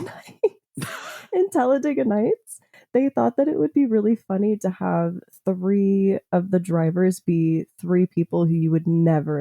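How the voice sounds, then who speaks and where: A woman's voice: lowish voice, warm tone, no room sound, highs cut off. A woman co-hosting a casual podcast chat, rambling with many fillers and frequent giggles. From United States. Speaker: podcast host.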